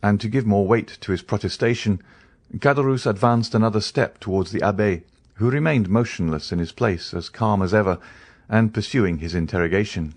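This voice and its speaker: Husky male audiobook narrator. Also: low voice, moderate pace. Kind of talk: scripted narration of a classic novel.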